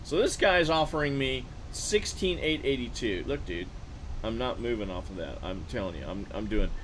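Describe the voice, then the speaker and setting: A man's voice: medium pitch, expressive, moderate pace, noisy background. A man streaming a game, telling a long casual story full of fillers and restarts. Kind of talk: casual storytelling while gaming.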